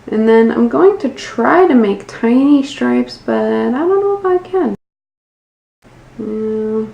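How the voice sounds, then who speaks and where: With a slightly high, gravelly, somewhat mellow voice, an American woman in her twenties guides viewers through a casual nail art tutorial. She swears casually and runs herself down, and the echoey room carries faint background noise.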